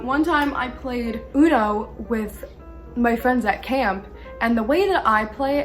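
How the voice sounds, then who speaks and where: Girl vlogging about games, kinda high voice, giggles a lot, gets worked up telling stories, soft music behind. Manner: chatty, laughs often between thoughts; animated when retelling arguments. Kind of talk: casual chat.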